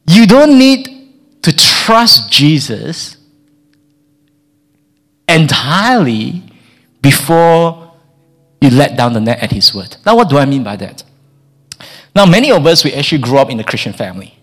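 A man preaching a sermon in a lively way. He often stammers and repeats words, and he acts out the people in the story. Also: on the high side.

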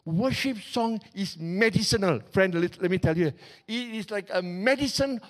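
A middle-aged male pastor preaching a sermon in a lively, conversational way, with humor and spoken sound effects. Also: sits high, normal speed.

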